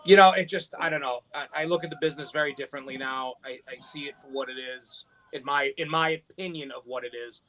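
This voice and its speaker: A man's voice: mid-range voice, fast, hardly any pauses, bright, forceful tone, a little hiss or hum. A man on a wrestling podcast who tells rambling, profane stories about the business. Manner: profane, rambling, stammers restarts. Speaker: wrestling podcast panelist, former manager. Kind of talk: casual chat, storytelling.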